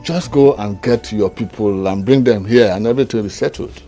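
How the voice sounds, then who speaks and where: An actor playing a pleased middle-aged uncle blessing a marriage, genial and chuckling, with music behind. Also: male voice, on the low side, fairly quick, dark tone, lightly acted. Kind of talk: film drama acting.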